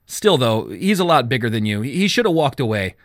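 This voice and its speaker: A smug, folksy middle-aged police chief, put on by a male narrator. He talks down to people, with lively pitch. It is recorded dry and close. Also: brisk, no room sound. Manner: folksy, condescending.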